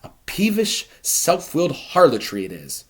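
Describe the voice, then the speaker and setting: A man gives voice to an excitable older nobleman, a father who blusters and commands. His reading lifts high and jumps about, loud and emphatic, in a dramatic verse style. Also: measured pace. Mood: blustering.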